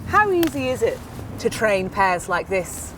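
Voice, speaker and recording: A woman's voice: mid-range voice, very animated, unhurried, fairly bright tone, slight background noise, rough recording. A woman co-presenting a gardening show outdoors, asking curious questions in a conversational way. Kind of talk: conversational interviewing.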